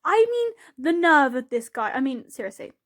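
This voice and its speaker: A woman with a high voice talks casually over her gameplay footage. She rambles, giggles and peppers everything with "like", sounding chatty and unguarded. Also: lively intonation, fairly quick, fairly bright tone. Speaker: YouTuber narrating a game build.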